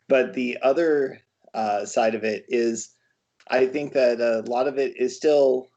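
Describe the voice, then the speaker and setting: A man, an astronomer, interviewing a guest online, speaking haltingly with fillers and soft laughs. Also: mid-range voice, lo-fi sound.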